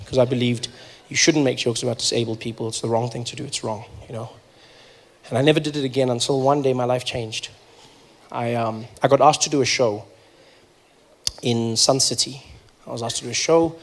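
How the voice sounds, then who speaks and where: A man from Africa, telling a stand-up story on a comedy stage and building to loud outbursts. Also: mid-range voice, steady tone, a little fast. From South Africa. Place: comedy stage before a live audience.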